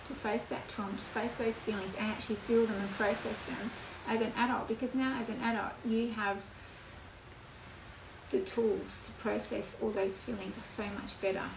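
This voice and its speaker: A woman giving a spoken tarot reading in an earnest, emotional way, with slow emphatic phrasing. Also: a little high, steady tone, vocal fry. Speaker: tarot reader. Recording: echoey room, voice from off-mic, background noise.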